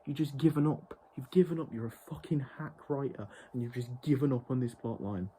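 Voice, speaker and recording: A man's voice: mid-range voice, fairly quick, dark tone, slight background noise. A man reviewing a TV show in an exasperated, profane rant. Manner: exasperated, heavily profane ranting. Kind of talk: ranting review vlog.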